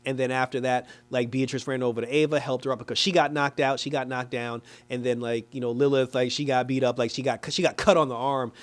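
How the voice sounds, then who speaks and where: Brief: man, mid-pitched, casual show reviewer, animated and chatty, laughs through the recap. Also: fast talker, hardly any pauses. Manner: acts out characters in exaggerated quoted voices.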